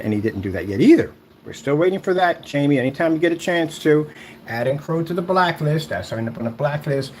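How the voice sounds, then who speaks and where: A man's voice: medium pitch, a little hiss or hum. A man who makes screen paint, delivering a sarcastic, rambling online rant that taunts a rival.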